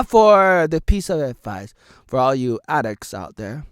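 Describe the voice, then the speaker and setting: A man in his thirties from Oregon hosting a rambling solo vlog, jumping between wild shouted bursts and low mumbled asides. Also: lively intonation, unhurried, long pauses, no room sound. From Oregon, United States. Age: 30s. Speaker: vlogger host.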